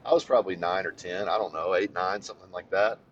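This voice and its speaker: A man co-hosting a podcast, telling a childhood story in casual chat, swearing freely, and getting animated as he goes. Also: quick pace, highs cut off, a little hiss or hum. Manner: animated, swears freely, voice jumps high when excited. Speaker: podcast co-host.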